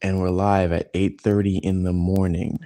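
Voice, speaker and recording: A man hosting a casual sports podcast, relaxed and quick to laugh. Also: deep voice. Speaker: podcast host.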